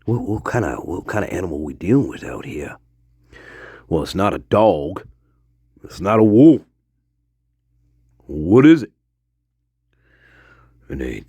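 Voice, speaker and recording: Brief: male comic as an old storyteller, deep, husky and gravelly, who rambles and swears while spinning tall tales. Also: no room sound, clean studio sound, heavily acted. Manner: rambling, profane, digressive, jumps between hushed mutters and loud outbursts. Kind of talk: improvised comedic monologue.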